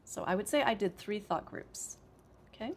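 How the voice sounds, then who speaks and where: A woman's voice: medium pitch, animated, normal speed, vocal fry, a little mellow, slightly rough. An American woman teaching English pronunciation, explaining sentence stress step by step and repeating example sentences with careful emphasis.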